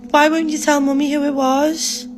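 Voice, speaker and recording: A mother gently coaxing her small child with questions. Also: high-pitched, little pitch movement, moderate pace, music in the background.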